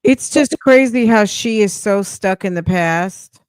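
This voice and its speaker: A woman's voice: mid-range voice, a little slow, darkish tone, smooth, no room sound, clean studio sound. A woman hosting a podcast, giving blunt, incredulous commentary on a recording. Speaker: podcast reaction host. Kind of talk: reaction commentary.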